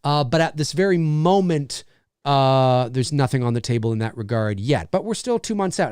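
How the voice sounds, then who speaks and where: Male livestream host, animated and rambling, lively pitch, close and dry. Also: measured pace, smooth, no room sound. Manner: animated, rambling, with many restarts and fillers. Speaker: host and voice actor. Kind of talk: casual livestream chat.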